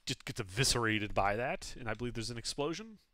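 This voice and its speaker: Man, game master, casual tabletop narration, bright tone, dry sound. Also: mid-range voice, fast talker, dry recording. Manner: casual, relaxed rules talk with fillers.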